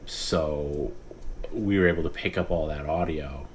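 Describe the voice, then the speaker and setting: A man hosting a casual late-night stream, rambling, often laughing and breaking into hushed imitations of others. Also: a bass voice, a little slow, slight background noise. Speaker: podcast host.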